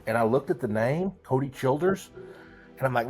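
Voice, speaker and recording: A man's voice: medium pitch, expressive, moderate pace, a little mellow, soft background music. A man telling a heartfelt story as a podcast guest, earnest, with many restarts. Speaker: guest, memory trainer.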